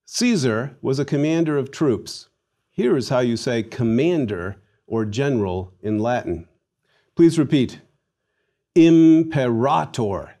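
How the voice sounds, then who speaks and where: A middle-aged man delivers a Latin lesson at an unhurried, measured pace. He drills pronunciation with deliberate, theatrical emphasis on each Latin word, with a voice of middling pitch. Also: a little mellow. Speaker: Latin teacher. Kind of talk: recorded language lesson.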